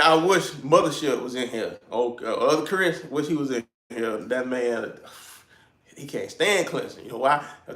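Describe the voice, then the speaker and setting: A man's voice: mid-range voice, fairly bright tone. Laid-back South Carolina man in an echoey garage. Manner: laid-back, chuckling, folksy slang. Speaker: YouTuber hosting a garage livestream. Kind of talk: casual live-stream chat. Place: home garage.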